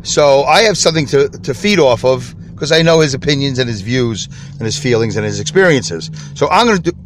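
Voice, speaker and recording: A man's voice: mid-range voice, animated, a little fast, low-quality recording. A man hosting an unscripted solo podcast from inside his car, chatty and rambling, easily sidetracked. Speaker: podcast host. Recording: car interior with traffic noise. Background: traffic and street noise.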